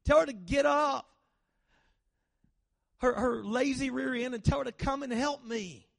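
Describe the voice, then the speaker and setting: A man's voice: extremely high pitch, measured pace, creaky, a bit bright, voice pushed up, full character voice. A man voicing a frustrated, overworked woman who complains sarcastically and nags. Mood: exasperated sass.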